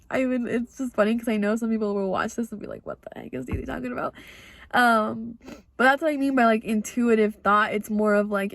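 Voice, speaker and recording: A woman's voice: medium pitch, creaky, dry recording. A young woman with an American accent hosting a podcast, telling a personal story in a rambling, earnest way with lots of "like" fillers. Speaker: podcast host.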